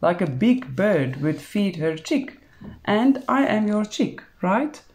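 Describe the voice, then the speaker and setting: A woman's voice: mid-range voice, sing-song, takes it slowly, a little mellow, voice pushed up. A woman reading a storybook, voicing a playful, affectionate young woman with a light, teasing delivery. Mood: playful, loving.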